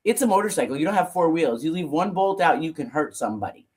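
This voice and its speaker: A woman's voice: low-pitched, expressive, quick pace, a little mellow. Rambling storytelling woman on a call. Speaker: co-host and motorcycle builder. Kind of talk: casual storytelling chat.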